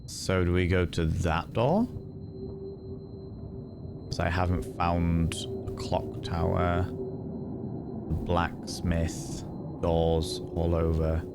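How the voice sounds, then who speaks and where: A man's voice: sits low, background noise. A man streaming a horror game, thinking aloud in short muttered remarks as he plays. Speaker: gaming streamer. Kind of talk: live gameplay commentary.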